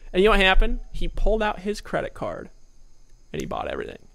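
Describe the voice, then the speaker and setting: A man's voice: high-pitched, wildly swooping pitch, quick pace, gravelly, fairly bright tone. A man giving a sales training talk with lots of energy, acting out his old phone calls. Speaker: network marketing trainer.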